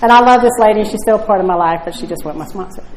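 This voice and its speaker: At a recovery meeting, a woman shares her personal story in a blunt, conversational way, often tagging "right?" onto her lines. Her voice is medium-pitched and fast. The meeting room echoes, and there's background noise.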